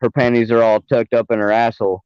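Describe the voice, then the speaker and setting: A man's voice: mid-range voice, little pitch movement, fast, a little mellow, clear, resonant tone, dry recording, highs cut off. A man with a Southern US accent, chatting casually and profanely on a livestream, laughing often. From American South. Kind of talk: casual chat.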